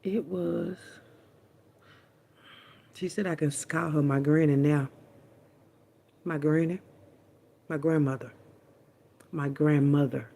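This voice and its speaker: Woman vlogger, husky and breathy, casual storyteller who talks straight to camera, blunt and salty, repeats for emphasis. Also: sits low, steady tone, unhurried, long pauses, dark tone. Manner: blunt, profane, chatty, repeats herself. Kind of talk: candid casual storytelling to viewers.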